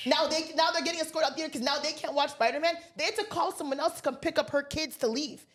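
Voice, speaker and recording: A woman with a high-pitched voice spins a story on a casual podcast. She acts out each person she quotes and swears freely as she goes. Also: quick pace, hardly any pauses, fairly bright tone. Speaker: podcast co-host.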